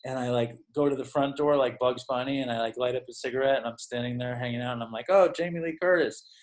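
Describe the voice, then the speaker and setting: A man's voice: mid-range voice, flat delivery, quick pace. A man telling stories as a podcast guest, rambling and profane and full of "like". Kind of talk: casual storytelling.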